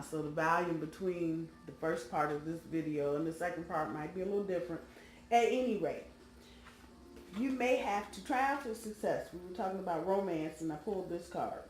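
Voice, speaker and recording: A woman's voice: fairly low pitch, a little mellow, echoey room, a little hiss or hum. A woman giving a casual, rambling tarot reading, talking straight to her viewers with emphasis, recorded on a phone microphone. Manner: chatty, rambling, emphatic direct address. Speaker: tarot reader.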